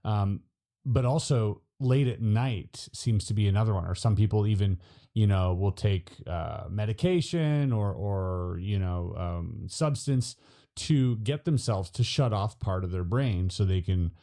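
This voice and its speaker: A man interviewing a guest, musing in a relaxed way with lots of fillers. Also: on the low side, a little slow. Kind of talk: casual interview chat.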